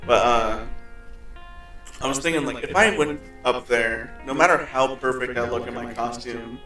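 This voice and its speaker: A young man co-hosting a casual podcast, blunt and loud, swearing as he talks. He sits well back from the mic in an echoey room. Clear background music plays under his voice. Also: mid-range voice, normal speed, recorded from a distance. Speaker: podcast co-host. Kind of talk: casual chat.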